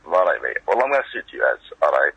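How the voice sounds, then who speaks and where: A man's voice: extremely low pitch, big pitch swings, rapid-fire, husky, dry recording, exaggerated voice. A man putting on a Scottish accent as a chatty caller on a phone line, matey and rambling. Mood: chummy. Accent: put-on Scottish. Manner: matey, rambling, asks leading questions.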